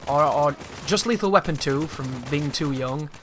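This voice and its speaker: A man's voice: a little high, moderate pace, a bit bright, a little hiss or hum. A man giving casual, rambling, opinionated commentary over a video game, swearing freely as he talks. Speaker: gameplay commentator.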